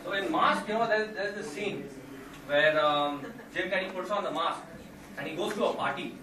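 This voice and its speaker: A male stand-up comedian telling an animated routine to a live audience, with sudden loud impressions. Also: high voice, moderate pace. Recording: echoey room from far off with noise.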